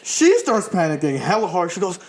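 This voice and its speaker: A man's voice: high-pitched, very animated, fairly quick, a little hiss or hum. A man co-hosting a podcast, telling a long story in casual chat, laughing often and swearing freely. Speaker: podcast co-host.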